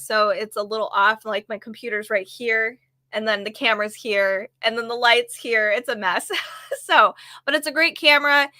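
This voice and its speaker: A chatty woman vlogging from her home office, talking through products in a loose, rambling way and poking fun at herself. Her voice sits a bit high and bright, though it's slightly frayed, and it's recorded dry and close on a desk mic. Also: dry recording. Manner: chatty, rambling, self-deprecating. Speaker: booktuber showing sale items. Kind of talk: casual product vlog. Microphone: desk microphone on camera.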